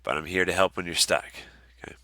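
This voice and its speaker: A man teaching as an online course instructor in a casual walkthrough, relaxed with lots of ums and uhs. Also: sits low, fast, no echo. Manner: relaxed, many ums and uhs, friendly asides.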